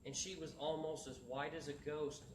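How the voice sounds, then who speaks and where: A motivational speaker earnestly tells a story, acting out the voices of the people in it. His voice is a little high with little pitch movement at a normal speed, picked up from far off in an echoey room with slight background noise.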